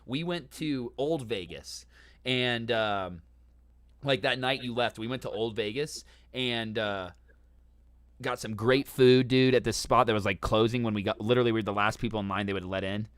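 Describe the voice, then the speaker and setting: A man hosting a casual chat, telling a long story in an animated, profane way and saying "dude" constantly. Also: mid-range voice, moderate pace, dry recording. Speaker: host.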